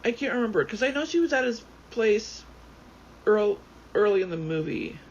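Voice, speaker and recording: A man rambling excitably as he plays a game, swearing freely and often going off on tangents. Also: high-pitched, normal speed. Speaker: gaming YouTuber. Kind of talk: casual commentary while playing. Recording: dull lo-fi sound with faint background noise.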